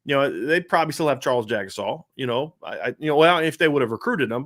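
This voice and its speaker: A man's voice: medium pitch, animated, fast talker, a bit bright. A man hosting a sports talk podcast, chatting casually and rambling with lots of filler words. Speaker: podcast host.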